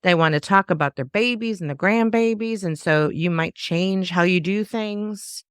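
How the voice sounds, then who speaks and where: A woman's voice: fairly low pitch, normal speed, clean tone, dry recording, studio quality. A woman hosting a podcast, chatting casually and acting out quoted voices with animation. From American South. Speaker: podcast host. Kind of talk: casual interview chat.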